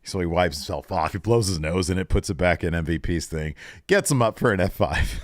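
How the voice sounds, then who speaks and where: A man's voice: fairly quick, dry recording, studio quality. A man co-hosting a podcast, retelling a wrestling show in casual chat and acting out the lines he quotes. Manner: animated retelling, acts out quotes with raised pitch. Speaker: podcast co-host recapping wrestling.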